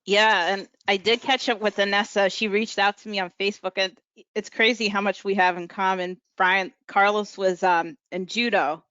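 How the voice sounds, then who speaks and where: A woman's voice: mid-range voice, steady tone, normal speed, pushed and bright, clean tone, dry recording. A woman chatting casually on a video call, hesitant, with many ums and likes. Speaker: support group member. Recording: muffled video call audio.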